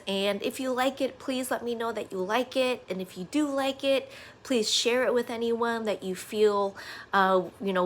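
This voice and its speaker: A woman in her thirties talking earnestly to her viewers in a casual vlog, with lots of "uh" and "you know". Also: mid-range voice. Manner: earnest, conversational, many fillers like "uh" and "you know". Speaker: vlogger. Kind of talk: casual reflective monologue to camera.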